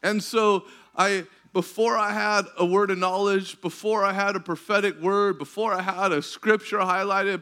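A man preaching, telling a story with animated delivery, often laughing and acting out what people said. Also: high voice. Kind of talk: sermon storytelling.

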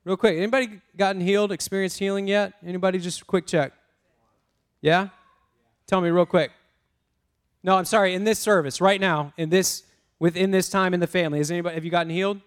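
A man preaching a lively sermon, prompting the congregation to repeat words and talking in a casual, self-interrupting way. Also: sits high, brisk, clear, resonant tone. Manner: energetic, call-and-response with congregation. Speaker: pastor.

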